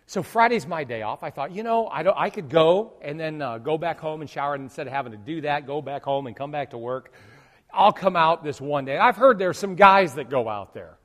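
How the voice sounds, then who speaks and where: A pastor with a high voice preaches with animated storytelling and acts out his groans. His voice rings with a long reverb in a church hall. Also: a little fast. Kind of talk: sermon.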